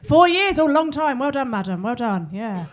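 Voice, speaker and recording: A woman's voice: sits high, big pitch swings, moderate pace. A middle-aged woman with a southern English accent doing bawdy stand-up crowd work in a comedy club, with cheeky apologetic asides. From southern England. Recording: live club recording with audience laughter.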